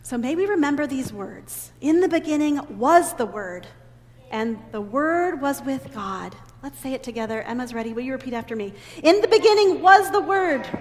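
A woman leading a children's sermon in a church sanctuary, talking in an animated, teacherly way and having the children repeat lines after her. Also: fairly high pitch, normal speed. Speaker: children's message leader. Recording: long reverb in a big church hall, faint ambient noise.

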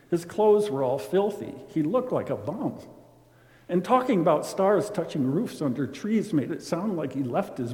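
Man, rhyming storybook narration, slightly high voice, long hall reverb. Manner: expressive, dramatic swings in loudness.

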